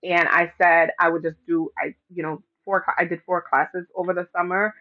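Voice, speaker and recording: A woman's voice: on the low side, little pitch movement, moderate pace, phone-quality sound. A woman vlogger in casual direct-to-camera talk, rambling with lots of fillers and restarts.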